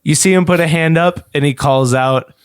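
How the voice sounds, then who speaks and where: Guy running a tabletop game, smooth voice, dry close mic, just narrating scenes and rolls. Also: a little high, moderate pace, no echo. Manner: descriptive, steady narration. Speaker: game master.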